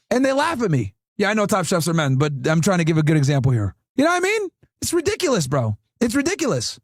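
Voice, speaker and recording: A man's voice: high-pitched, wildly swooping pitch, fast, no room sound. A man rants through a reaction stream, mocking what he watches and swearing freely as he turns to his chat. His voice sounds dry and close, with almost no room around it. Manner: mocking, profane, talks straight to chat. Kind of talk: ranting reaction commentary.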